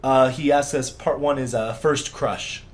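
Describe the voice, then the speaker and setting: A man's voice: medium pitch, fairly even intonation, measured pace. A man co-hosting a podcast in casual chat, rambling and laughing often. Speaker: podcast co-host.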